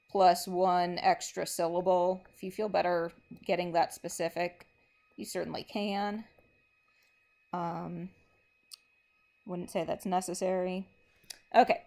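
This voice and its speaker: A woman teacher talks through a lesson in an unhurried, measured way, with a somewhat low voice. She explains each point methodically and step by step, pausing to mark things on a board as she goes. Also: a little mellow. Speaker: English teacher. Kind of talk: recorded classroom lesson.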